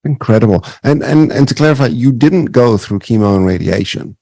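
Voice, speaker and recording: A man's voice: medium pitch, lively intonation, brisk, gravelly, dark tone, no room sound, low-quality recording. A man in his thirties hosting a podcast interview, telling stories with many restarts and repeated words. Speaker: podcast host. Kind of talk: conversational interview.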